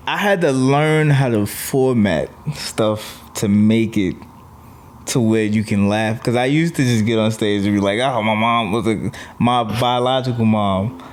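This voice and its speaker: A male comedian with a New York accent chats casually as a guest, telling blunt stories about his life and laughing as he goes. His voice is lowish and darkish, and he speaks a little slowly.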